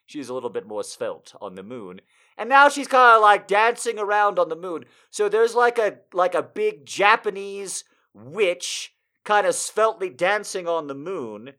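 A man with a high, bright voice tells a rambling comic story, his pitch leaping all over the place. He swears freely and breaks into loud shouted and sung bits before dropping back to a mutter. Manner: animated, profane, bursts into loud sung and shouted asides. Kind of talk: comedic storytelling monologue.

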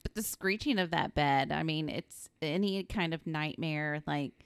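A woman's voice: sits low, a little slow, gravelly, smooth, dry recording, studio quality. A woman co-hosting a podcast, reacting to a film with jokey interjections in casual chat. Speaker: podcast co-host.

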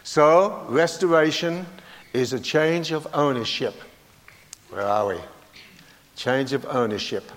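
A man's voice: on the high side, takes it slowly, pauses often, a bit bright, long reverb tail. An older man preaching a sermon in a folksy, humorous way, often putting questions to the congregation.

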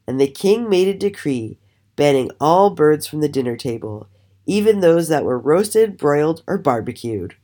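A woman telling a children's story aloud with an expressive, animated storytelling manner. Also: deep voice. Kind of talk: storybook reading.

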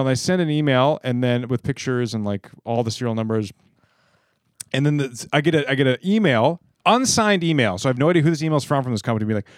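A man's voice: medium pitch, no room sound, clean studio sound. A man co-hosting a casual podcast, ranting freely and swearing as he tells a story. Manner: fast, lively, swears freely while ranting. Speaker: podcast co-host. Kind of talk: casual chat.

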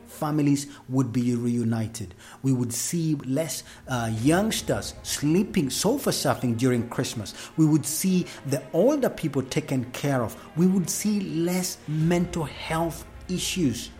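Low-voiced woman giving a preachy motivational talk. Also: expressive, a little slow, few pauses, warm tone, soft background music. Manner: preachy, asks the listener many questions. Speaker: speaker on family relations.

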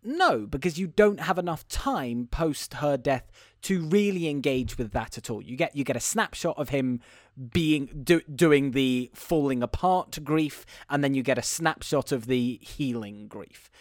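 With a mid-range voice, lively intonation, and a measured pace, a man hosts a casual podcast recorded in studio quality without echo. The host and editor discusses a film's plot animatedly, peppering the review chat with self-deprecating remarks.

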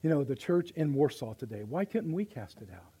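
A male pastor preaching live in church, folksy and impassioned, swinging from hushed asides to loud appeals. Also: mid-range voice, sing-song, brisk, slightly rough, low-quality recording. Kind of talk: sermon.

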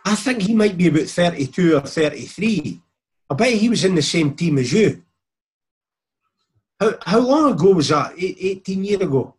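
A Scottish man in casual chat, telling animated anecdotes and acting out the people in them. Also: sits high, normal speed, slightly rough. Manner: broad, animated storytelling with acted quotes.

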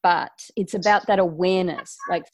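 A woman hosting a conversation, calm and thoughtful, affirming her guest. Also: fairly low pitch, moderate pace, dry recording. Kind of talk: reflective conversational chat.

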